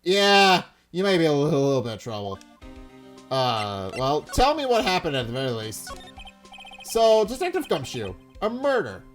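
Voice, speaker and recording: Play as a man voicing a clumsy, good-natured detective from a courtroom game. He is loud and blustering, with a lively, bouncing voice that lurches up and down. He calls everyone pal. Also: a little high, moderate pace, soft background music. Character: bumbling big-hearted male police detective.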